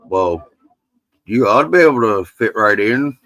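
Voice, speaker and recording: A man's voice: lowish voice, expressive, unhurried, fairly bright tone, poor audio. A man hosting a casual livestream, rambling and teasing his friends with salty jokes. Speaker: livestream host.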